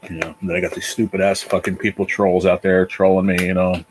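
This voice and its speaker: A man hosting his own livestream from his apartment, talking casually and emotionally in a halting, repetitive way with a lot of swearing. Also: sits low, little pitch movement, noisy background. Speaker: livestream channel host. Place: apartment at home.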